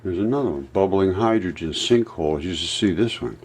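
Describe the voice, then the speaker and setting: A man hosting his own channel, talking through his theories in a rambling, emphatic monologue that swings between low mutters and heated, aggrieved outbursts. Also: expressive, a little fast, darkish tone, slight background noise. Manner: speculative, free-associating, restarts mid-thought. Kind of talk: rambling screen-share monologue.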